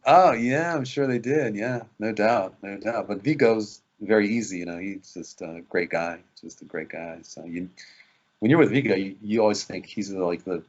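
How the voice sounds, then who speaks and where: A man's voice: lowish voice, normal speed, lo-fi sound. A male actor in a casual interview, telling behind-the-scenes stories animatedly, acting out quotes and laughing often.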